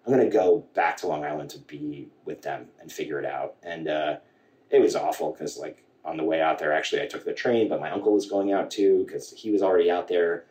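A man guest telling a personal story in a halting way, with many restarts and quoted dialogue. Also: rumbling low, darkish tone. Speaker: podcast guest. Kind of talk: candid storytelling conversation. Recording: echoey room, voice from a distance.

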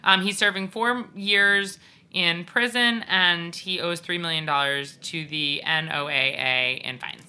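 A woman's voice: on the low side, measured pace, pushed and bright, clear, resonant tone. A woman co-hosting a podcast, telling a story in a rambling, casual way with lots of ums and the odd swear word. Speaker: podcast co-host. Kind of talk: casual chat.

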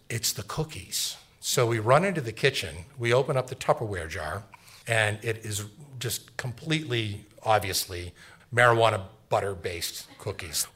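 A middle-aged man telling a personal story live on stage, animated and acting out the voices of family members. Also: medium pitch.

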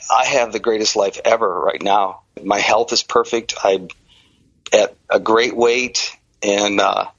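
A middle-aged man from the Detroit area tells his own story in an interview and acts out the people he quotes. His delivery is lively and animated. The recording is dull and lo-fi, with a dry sound. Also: lowish voice, unhurried, dry recording. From Detroit area, Michigan.

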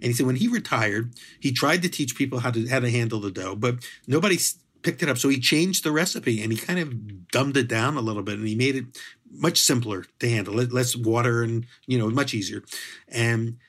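A man's voice: medium pitch, fairly quick, breathy edge. A middle-aged man from the Philadelphia area, a guest telling stories in a casual interview and acting out the dialogue. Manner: lively storyteller who acts out dialogue. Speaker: guest, bread author.

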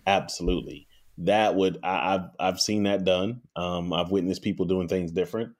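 Easygoing Southern man, low voice. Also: fairly even intonation, moderate pace. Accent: Southern American. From American South. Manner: easygoing, repeats words as he starts thoughts. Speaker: pitmaster guest. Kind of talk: interview storytelling.

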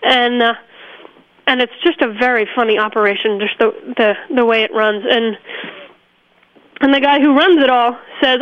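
A woman's voice: fairly high pitch, steady tone, moderate pace, long pauses, dull audio. Chatty woman telling stories on a radio show. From upstate New York. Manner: chatty, laughs often, with small restarts. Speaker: nursery owner, guest. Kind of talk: relaxed storytelling in an interview.

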